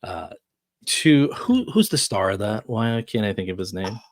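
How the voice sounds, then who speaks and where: A man's voice: lowish voice, expressive, moderate pace, dry recording, clean studio sound. A man joining as a guest in a casual movie chat, talking in a laid-back way that trails off.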